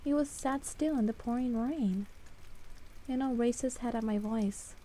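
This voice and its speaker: High-voiced emotional young woman reader. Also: unhurried, dark tone. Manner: emotional, doting, reacts with sighs and pet names. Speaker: YouTuber reading a game playthrough. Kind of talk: reading game text aloud with reactions.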